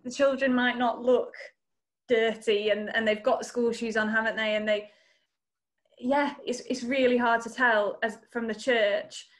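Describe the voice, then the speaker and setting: A woman's voice: a little high, steady tone, unhurried. A woman presenting a workshop over a video call, answering questions in an earnest, encouraging way. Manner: earnest, encouraging, speaks of faith. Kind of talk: online conference Q&A.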